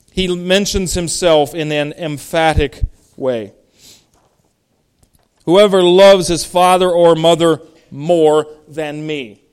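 A man's voice: fairly high pitch, smooth. A middle-aged male pastor preaching a sermon, reading Bible verses aloud and explaining them, with emphatic stresses.

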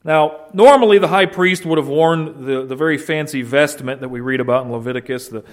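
Emphatic preacher, fairly high voice. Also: male voice, brisk. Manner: earnest, emphatic teaching with restarts and rising stress. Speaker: pastor. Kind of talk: expository sermon.

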